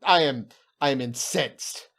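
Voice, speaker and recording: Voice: mid-range voice, measured pace, creaky, a bit bright. A player in a casual tabletop game, ranting and swearing while playing a goblin. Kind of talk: casual tabletop role-play.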